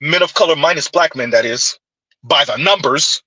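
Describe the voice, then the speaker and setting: A man's voice: a little high, normal speed, pushed and bright, breathy edge, no room sound, poor audio. A man, hosting a sarcastic, heated commentary rant. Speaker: commentary channel host.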